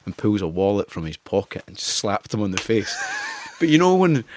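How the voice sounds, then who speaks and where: A man's voice: on the low side, sing-song, normal speed, a little hiss or hum. A middle-aged Scottish man telling laughing, profanity-laced anecdotes as a podcast guest. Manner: swearing, laughing storyteller. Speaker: guest, former newspaper editor. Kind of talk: casual interview anecdotes.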